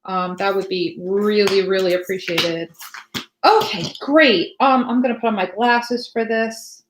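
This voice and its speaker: A woman's voice: medium pitch, unhurried, roomy sound, a little hiss or hum. A woman giving a live tarot reading to viewers, chatty and rambling, full of fillers and restarts. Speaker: tarot reader.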